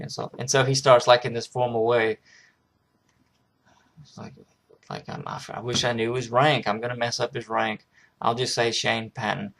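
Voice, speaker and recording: A man talks through a film in a loose, rambling recap, restarting his sentences as he goes. His voice is gravelly and stays fairly flat in pitch, sitting in an ordinary middle register. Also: moderate pace, long pauses. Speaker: film reviewer. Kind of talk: casual spoken film recap.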